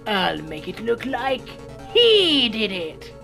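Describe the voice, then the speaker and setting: A woman voicing a panicking male murderer in a game, shouting frantically. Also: on the high side, wildly swooping pitch, takes it slowly, creaky, faint music behind, voice pushed up, exaggerated voice. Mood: frantic.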